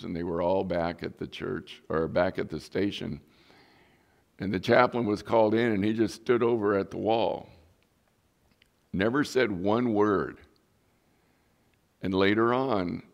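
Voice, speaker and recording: Middle-aged male pastor, low gravelly voice, earnest storytelling sermon. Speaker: pastor and police chaplain.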